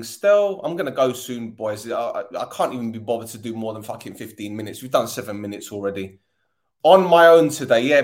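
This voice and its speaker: A man hosting a football fan podcast, ranting angrily, swearing often and repeating himself. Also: mid-range voice.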